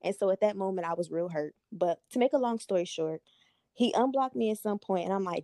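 A young woman hosting a podcast, telling a personal story in a candid, profane, animated way. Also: medium pitch, quick pace, no echo, studio quality. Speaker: podcast host. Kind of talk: casual storytelling chat.

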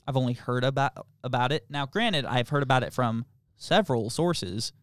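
A man's voice: mid-range voice, lively intonation, moderate pace, no echo, clean studio sound. A man co-hosting a podcast in casual chat, rambling through stories with lots of fillers and frequent laughter. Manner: rambling, laughs often, filler-heavy storytelling. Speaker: podcast co-host.

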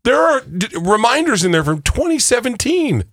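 A man co-hosting a radio show, bantering casually and telling stories in a teasing, animated way. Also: extremely high pitch, moderate pace, no echo, clean studio sound. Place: radio studio. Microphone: studio mic.

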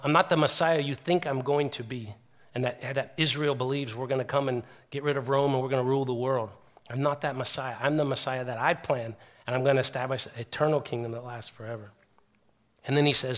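A man preaching a sermon as a pastor, talking in a conversational storytelling way that swings from loud emphasis to hushed, quiet passages. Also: mid-range voice.

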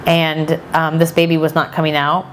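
A woman in her thirties, a podcast guest, telling a personal story in a chatty, animated way and acting out what people said. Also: sits low, normal speed, a little hiss or hum. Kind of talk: casual storytelling chat.

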